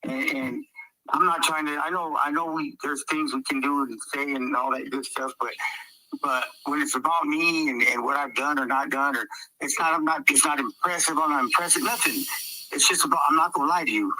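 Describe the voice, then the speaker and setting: A man's voice: on the high side, fairly quick, bright, forceful tone. A man in casual podcast chat who talks emphatically and repeats himself for effect. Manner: repetitive, emphatic, drops into mocking quoted voices. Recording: noisy recording.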